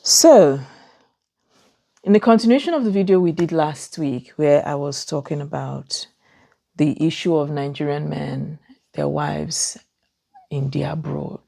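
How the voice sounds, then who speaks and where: A woman's voice: sits low, unhurried, creaky, warm tone. A woman hosting her own vlog channel, talking in a chatty, loose way and often restarting her phrases. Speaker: vlogger host. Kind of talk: casual vlog talk.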